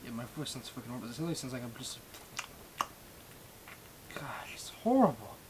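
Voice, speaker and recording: A man's voice: mid-range voice, steady tone, rapid-fire, background noise. Swearing man with a slight speech impediment. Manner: profane, rambling, self-deprecating. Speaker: Minecraft server staff streamer. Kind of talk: casual live-stream rant. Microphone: webcam microphone.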